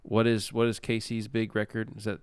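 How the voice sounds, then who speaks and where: A man's voice: fairly low pitch, monotone, a little fast, smooth, no echo, studio quality. A man co-hosting a podcast, bantering playfully in casual chat about music. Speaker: podcast co-host.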